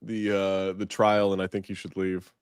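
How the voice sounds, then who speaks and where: Man, low voice, joking, rambling, dry studio sound, casual podcast chat. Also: little pitch movement, normal speed, clear, resonant tone, dry recording. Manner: joking, rambling, self-deprecating. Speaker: podcast co-host.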